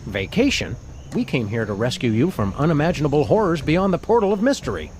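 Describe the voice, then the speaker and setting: A man voicing a wordy, deadpan dog detective in a video game, with a dry, long-winded delivery. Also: on the high side, a little fast, noisy background.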